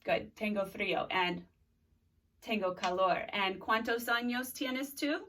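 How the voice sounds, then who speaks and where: A woman's voice: mid-range voice, measured pace, pushed and bright, recorded from a distance, slight background noise. A woman in her thirties, a teacher leading a recorded video lesson, drilling words and prompting students to repeat after her. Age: 30s. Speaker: Spanish teacher.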